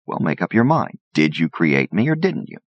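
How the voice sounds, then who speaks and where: A man voicing a brash, quick-tongued male bartender and gambler who talks back, in a cocky, argumentative way, on a dull, lo-fi audiobook recording. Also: sits low, big pitch swings, no echo, exaggerated voice.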